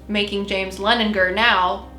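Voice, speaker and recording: Woman podcast co-host, rambling storyteller, bright tone, roomy echo. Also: mid-range voice, flat delivery, unhurried, soft background music. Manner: chatty, rambling, retells conversations with spirits. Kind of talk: casual chat.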